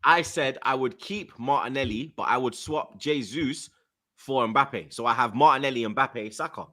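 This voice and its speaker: A man's voice: mid-range voice, normal speed, a bit bright. A man hosting a heated football panel, emphatic and repetitive, full of slang and swearing.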